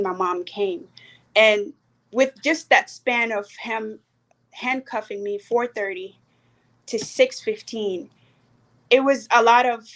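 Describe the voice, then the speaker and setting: A young woman from South Sudan with a South Sudanese accent, earnestly telling a personal story with hesitant pauses and fillers. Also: medium pitch. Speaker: panel speaker.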